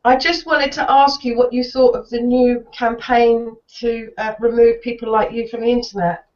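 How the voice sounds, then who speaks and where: A woman's voice: fairly high pitch, fairly even intonation, normal speed, a little mellow. A woman bantering in an online hangout with a teasing, sarcastic edge. Her voice sits mid-range, and the call audio is dull and lo-fi. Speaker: hangout participant. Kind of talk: casual group video chat.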